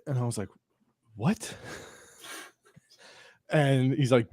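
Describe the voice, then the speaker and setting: A man's voice: medium pitch, lively intonation, measured pace, pauses often, no room sound. Rambling storytelling man, dry close mic. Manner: rambling anecdote with acted-out quotes, frequent likes and restarts. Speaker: podcast host. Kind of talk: casual chat, storytelling.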